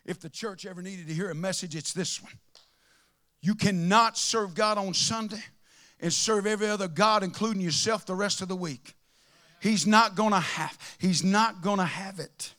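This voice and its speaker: Male preacher, high and bright-voiced, passionate sermon delivery with shouted peaks. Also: moderate pace. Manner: impassioned, shouting at peaks, then dropping to a murmur.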